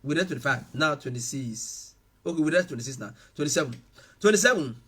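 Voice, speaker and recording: A man preaching a sermon, swinging between loud shouted passages and quiet asides. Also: fairly high pitch, expressive, quick pace, slightly rough. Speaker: pastor.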